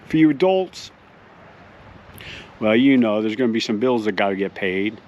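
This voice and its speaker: A man hosting a mock-serious tutorial outdoors, explaining things deadpan as if to kids. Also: lowish voice, moderate pace, lo-fi sound, a little hiss or hum. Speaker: host. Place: outdoors in a front yard by a mailbox.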